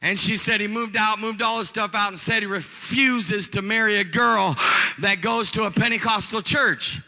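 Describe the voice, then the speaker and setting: A male preacher with a high, very bright voice tells a story from the pulpit. He is animated and jokes along the way, then rises into shouted exhortation. His voice rings with reverb through a church hall. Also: moderate pace, vocal fry. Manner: animated, joking, builds to shouting. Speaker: pastor. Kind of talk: storytelling sermon.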